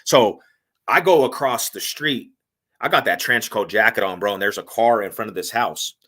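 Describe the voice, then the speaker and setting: Bright-voiced man telling a wild story. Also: fairly low pitch, moderate pace. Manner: animated, slangy, profane, acts out quotes. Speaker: podcast guest. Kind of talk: casual storytelling.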